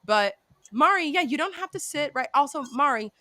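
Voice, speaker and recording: A woman co-hosting a podcast in casual chat, animated and sweary, often mimicking people. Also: high-pitched, moderate pace, dry recording, clean studio sound. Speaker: podcast co-host.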